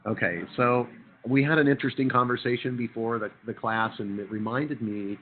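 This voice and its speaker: A man with a hoarse, husky voice from a chest cold, giving a university lecture in a chatty, joking way and quizzing the class. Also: medium pitch, fairly even intonation, fairly quick, narrow, tinny audio. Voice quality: husky radio voice. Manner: conversational, jokey, quizzes the class.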